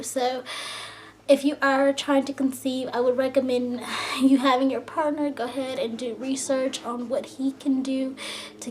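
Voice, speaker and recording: A young woman talking fast and a little out of breath, chatting casually to her camera, full of "like" and "you know.". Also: sits high, a little hiss or hum. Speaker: vlogger.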